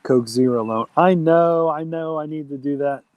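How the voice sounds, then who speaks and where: A man's voice: a little high, normal speed, dry recording, lo-fi sound. A man hosting an outdoor campfire live stream, chatting casually and reading viewer comments aloud. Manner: chatty, reads chat aloud, friendly shout-outs.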